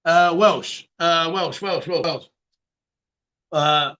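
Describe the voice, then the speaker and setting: A man's voice: on the high side, drawn-out words, long pauses, bright, forceful tone. A man hosting a casual livestream chat show, reading viewer comments and joking around with frequent laughs and swearing.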